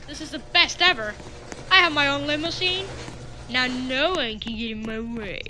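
A woman giving playful gameplay commentary, excitable, with sudden squealing exclamations. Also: high voice, normal speed, a little hiss or hum, rough recording.

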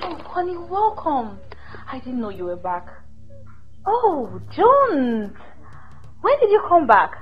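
A woman's voice: sits high, wildly swooping pitch, takes it slowly, long pauses, highs cut off, faint music behind, heavily acted. An actress playing a defiant, mocking wife, who answers her husband's accusations sarcastically and laughs often. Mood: flirty.

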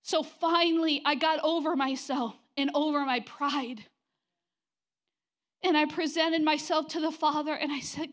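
A middle-aged woman pastor delivers an impassioned sermon in a high, light voice. She swings between urgent emphasis and soft, near-whispered tenderness. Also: steady tone, measured pace. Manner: impassioned, drops to soft whispers when quoting God.

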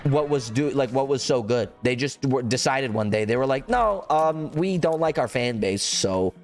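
A young man streaming a game, chatting casually and rambling with excitement, swearing and breaking into high whoops. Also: moderate pace, few pauses, faint music behind. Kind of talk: casual gameplay commentary.

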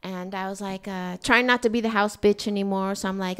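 A woman's voice: mid-range voice, a little fast, hardly any pauses, a bit bright. A middle-aged woman doing a stand-up comedy set, telling brash, profane stories. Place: comedy club stage.

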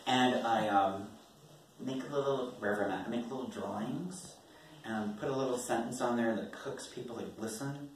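A man's voice: medium pitch, normal speed, slight background noise. A man, a poet, casually telling an audience about his writing in a rambling, wry way, laughing often. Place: performance venue. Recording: echoey room from far off.

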